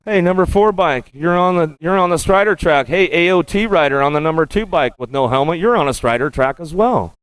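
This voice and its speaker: A man calls races at a BMX track, reeling off rider names in a quick rhythmic patter full of stock phrases. His voice sits fairly high and sounds smooth and resonant. The sound is close and dry, with little room echo. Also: animated. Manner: rapid rhythmic play-by-play, repeating stock phrases. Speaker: race announcer. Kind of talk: live race commentary. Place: BMX track announcer booth.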